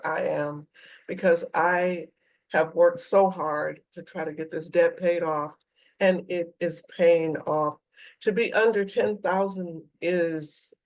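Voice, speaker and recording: A middle-aged woman vlogging in a casual, earnest way to her viewers, reading out dollar figures slowly and carefully. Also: fairly low pitch, a little mellow, poor audio. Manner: slow, deliberate, earnest, reads figures out carefully. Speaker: personal finance vlogger. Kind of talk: casual talk to camera about debt payoff.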